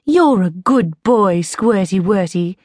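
Woman narrator as a storybook mother koala, firm and motherly, lively pitch, slow delivery. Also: no room sound, clean studio sound. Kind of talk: audiobook character voice.

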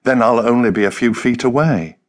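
A gentle, soft-spoken young man, voiced by a male audiobook narrator. He talks quietly and earnestly, with a steady, middling tone. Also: medium pitch, fairly quick, lightly acted. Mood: tender. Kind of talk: audiobook character voice.

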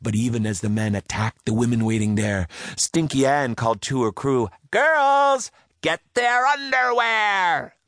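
A man's voice: lowish voice, steady tone, moderate pace, few pauses, a little mellow, no echo, clean studio sound. A man narrating a rhyming children's audiobook with a rhythmic, sing-song delivery. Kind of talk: reading a rhyming story aloud.

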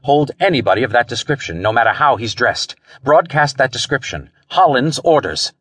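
A man's voice: medium pitch, sing-song, moderate pace, a bit bright, breathy edge, no room sound, heavily acted. A man voicing a terse pulp-novel hero who barks urgent orders, in an audiobook. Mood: commanding. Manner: curt barked orders.

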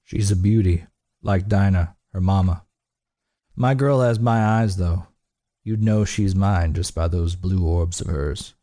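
A man voicing a proud, gruff biker boss who brags and talks bluntly. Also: deep voice, unhurried, mellow. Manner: bragging, blunt.

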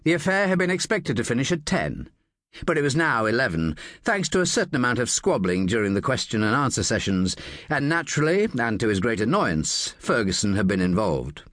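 Guy narrating a thriller audiobook, very lively pitch, dead dry close mic. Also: fairly quick, dry recording.

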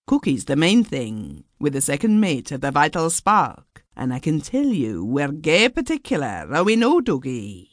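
A woman's voice: low voice, big pitch swings, moderate pace, few pauses, no echo, studio quality. A woman voicing a grumpy, disdainful Scottish ship engineer with a cold, sarcastic manner.

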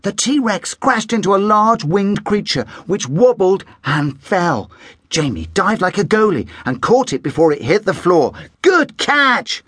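Animated male children's storybook narrator. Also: high voice, a little slow, husky, no room sound, studio quality. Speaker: audiobook narrator.

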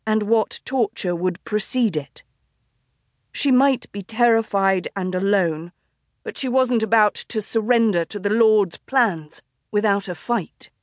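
A woman narrating a historical romance audiobook in a measured, even storytelling manner, close to a studio mic. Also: fairly high pitch, dry recording. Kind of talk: scripted narration. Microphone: studio microphone, close.

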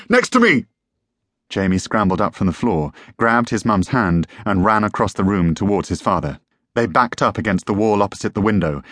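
A man's voice: lowish voice, fairly bright tone, dry recording, studio quality. A man narrating a tense story as an audiobook reader. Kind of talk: scripted narration.

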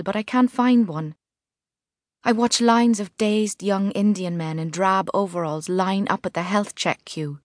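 A woman reading a first-person novel as narrator, measured and vivid. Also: mid-range voice, no echo, clean studio sound. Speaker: audiobook narrator. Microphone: studio mic.

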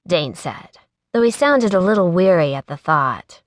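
A woman narrating a contemporary romance audiobook in a smooth, even storytelling manner on a close studio mic. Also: lowish voice, unhurried, dry recording.

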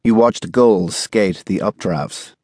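A man voicing an aging, cultured German exile with precise, carefully polished speech and a quiet, menacing edge. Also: lowish voice, slow pace, no echo, studio quality.

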